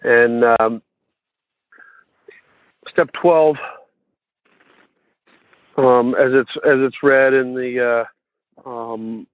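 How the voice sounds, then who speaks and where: A man's voice: mid-range voice, fairly even intonation, no room sound. Man sharing his story over a tinny phone line. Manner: halting, many fillers and restarts. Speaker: recovery meeting speaker. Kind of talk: personal recovery share. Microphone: phone call.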